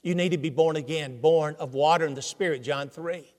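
High-voiced older Southern preacher in a reverberant hall. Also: male voice, brisk. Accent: Southern American. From Tennessee, USA. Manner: emphatic, rhetorical questions, swings from loud to hushed. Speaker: visiting preacher. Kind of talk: sermon.

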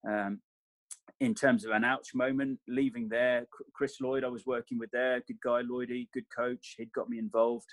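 A man's voice: medium pitch, little pitch movement, moderate pace, no room sound. A man, a rugby coach and guest, talking in a casual interview in a meandering, self-correcting way.

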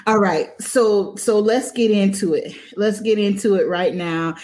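A woman's voice: medium pitch, measured pace, a little mellow. A woman hosting a faith-based podcast, speaking with emotional, preacher-like repetition. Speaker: podcast host. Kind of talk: enthusiastic podcast introduction.

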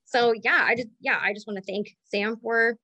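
A woman's voice: a little high, steady tone, normal speed, pushed and bright, no echo, lo-fi sound. Emotional chatty woman, dry sound. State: close to tears. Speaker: mastermind member and business owner. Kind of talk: heartfelt casual testimonial.

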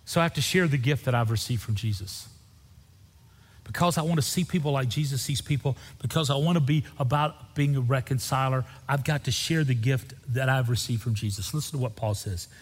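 A pastor telling a personal story in a sermon, acting out the dialogue with lively storytelling. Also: male voice, mid-range voice, brisk, breathy edge, long reverb tail.

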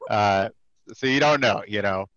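A man's voice: lowish voice, measured pace, no room sound, muffled recording. A man in his thirties, a podcast guest, telling a casual story with lots of filler words and frequent laughs. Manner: animated, laughs often, many filler words. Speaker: podcast guest, comic creator.

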